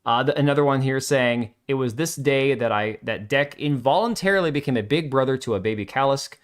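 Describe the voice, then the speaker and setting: A man with a medium-pitched voice hosts a livestream in a loose, casual way. He reads viewer comments aloud and answers them with blunt, sarcastic asides. His delivery is offhand and unscripted. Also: a little fast. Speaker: livestream host.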